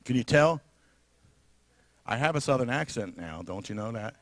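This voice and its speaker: A man with a New York area accent, preaching a sermon as pastor in an animated, emphatic way with frequent laughter. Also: mid-range voice, moderate pace, no echo. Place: church sanctuary.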